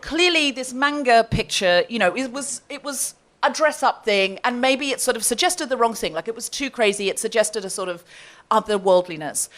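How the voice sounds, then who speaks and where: Lively high-voiced woman telling a comic story. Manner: animated, laughing as she tells a story. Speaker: comedy podcast host. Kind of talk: live stand-up storytelling. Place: live comedy stage before an audience.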